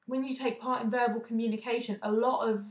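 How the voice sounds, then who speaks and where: A young woman from the UK giving a casual, indignant opinion vlog, talking quickly and often restarting her sentences. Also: fairly high pitch, fairly even intonation, a little mellow. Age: young adult. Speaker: vlogger. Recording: echoey room.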